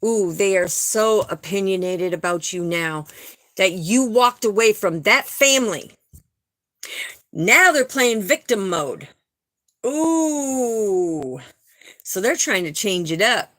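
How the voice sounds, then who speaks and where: A woman's voice: mid-range voice, expressive, unhurried, a bit bright. A middle-aged woman giving a live spiritual card reading, talking emphatically in a preacher-like cadence and often checking in with "okay?" and "right?". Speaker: spiritual tarot reader.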